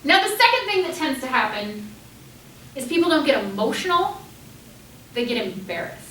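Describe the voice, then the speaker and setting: A middle-aged woman lectures her class in a high, bright voice that swoops all over, acting out flustered students along the way. She sounds roomy and distant, recorded from across an echoey classroom. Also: moderate pace, a little hiss or hum. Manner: lively, animated, acts out students' panicked voices. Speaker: teacher.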